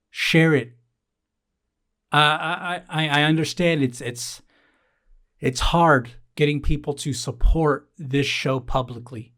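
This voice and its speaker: A man's voice: a little high, a bit bright. A man hosting his own podcast, delivering a sardonic, exasperated solo monologue, swearing often and repeating lines for emphasis. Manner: sardonic, exasperated rants with mock-pleading asides. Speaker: podcast host.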